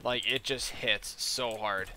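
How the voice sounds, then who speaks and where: A man's voice: mid-range voice, fairly even intonation, slow, background noise. A young man chatting casually while playing a game, rambling with lots of "like" and retelling a conversation line by line. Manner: rambling, lots of "like" and retold dialogue. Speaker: gaming streamer. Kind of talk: casual chat while gaming.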